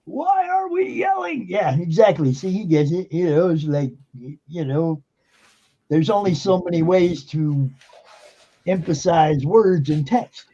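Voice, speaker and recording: A man's voice: on the high side, measured pace, warm tone, highs cut off. A man hosting a live stream, talking casually and emphatically with lots of fillers and swearing. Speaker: streamer and show host. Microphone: computer mic on a live stream.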